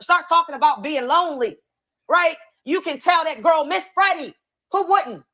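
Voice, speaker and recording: A woman's voice: high voice, fairly bright tone. A woman hosting a reaction commentary, talking bluntly and profanely. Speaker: commentary host.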